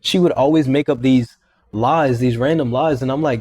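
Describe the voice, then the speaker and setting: With a mid-range voice at a moderate pace, a young man shares a personal anecdote on a podcast. His telling is relaxed and lively, full of quoted remarks and repetition.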